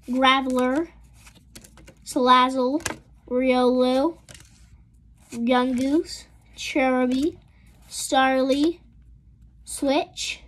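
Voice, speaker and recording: Woman, high voice, unhurried, excitable, reads card names, card unboxing vlog. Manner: excitable, gasping and exclaiming at pulls. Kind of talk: casual unboxing commentary.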